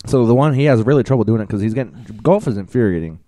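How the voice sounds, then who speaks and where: A man's voice: mid-range voice, expressive, very fast, dark tone, no echo. A young man in casual chat, rambling through a story with constant filler words, swearing and laughter. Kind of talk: casual chat recapping a cartoon.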